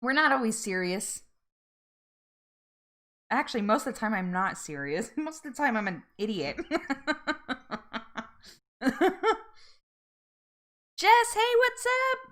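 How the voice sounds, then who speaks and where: A woman's voice: mid-range voice, animated, a little slow, long pauses, fairly bright tone. A woman hosting a live-stream chat, bubbly and effusive, laughing often and getting emotional. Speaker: livestream host.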